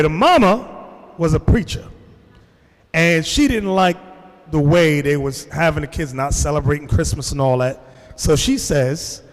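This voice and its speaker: New man preaching, high lively voice, storytelling, long hall reverb. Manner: animated storytelling, addresses the room directly. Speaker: religious teacher. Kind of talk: sermon to a congregation.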